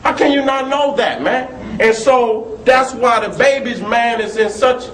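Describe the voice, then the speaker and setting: Man with a high voice, animated and profane, telling stories in a roomy space. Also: a little slow. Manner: animated, profane, storytelling with laughs. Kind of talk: heated talk. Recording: echoey room with faint noise.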